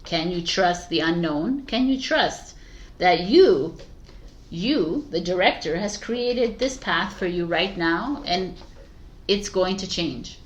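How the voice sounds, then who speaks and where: A woman's voice: fairly low pitch, takes it slowly. A woman reading tarot cards for viewers in a loose, rambling way, often breaking into laughter as she talks about letting go and self-love. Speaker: tarot reader. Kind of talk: casual tarot reading monologue.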